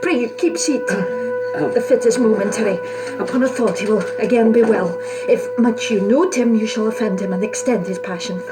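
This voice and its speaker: A woman's voice: on the high side, normal speed, over loud music, close to an everyday voice. An actress playing Lady Macbeth, a commanding, scheming queen, speaking poised and scornful Shakespearean verse in an audio drama. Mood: gracious. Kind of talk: audio drama recording of a stage play.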